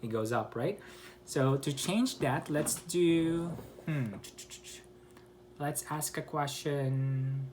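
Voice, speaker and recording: Guy teaching an english intonation lesson, slow and halting, lots of restarts, sings out his example questions. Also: darkish tone, slight background noise. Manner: explains slowly with many pauses and self-corrections; acts out example questions with exaggerated rising and falling pitch. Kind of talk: online English pronunciation lesson.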